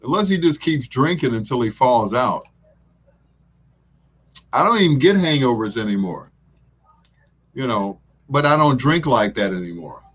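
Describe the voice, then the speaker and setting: A man's voice: mid-range voice, animated, normal speed, long pauses, breathy edge. A middle-aged man hosting a talk show, rambling in a laid-back way and chuckling often as he chats. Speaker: radio show host. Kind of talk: casual talk show chat.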